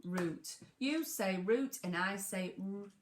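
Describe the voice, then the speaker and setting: A woman teacher leading a phonics lesson for young children, speaking clearly and encouragingly in call-and-response. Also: medium pitch, expressive, takes it slowly, fairly bright tone, slight background noise.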